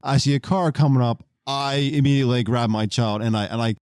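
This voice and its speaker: A man co-hosting a casual podcast, telling stories in a wry, conversational way, often trailing off quietly. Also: medium pitch, a little fast, clear, resonant tone, no echo, clean studio sound. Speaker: podcast co-host. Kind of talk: casual chat.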